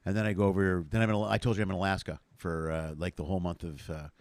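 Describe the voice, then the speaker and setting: Man, podcast host, fast delivery, animated, swearing, dead dry room. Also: low-pitched, no echo. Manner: animated, swears freely, acts out bits. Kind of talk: casual comedy podcast chat.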